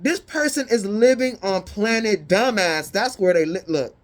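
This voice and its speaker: A woman giving a casual tarot reading, blunt, profane and sassy, with animated indignant peaks. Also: mid-range voice, moderate pace. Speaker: tarot reader.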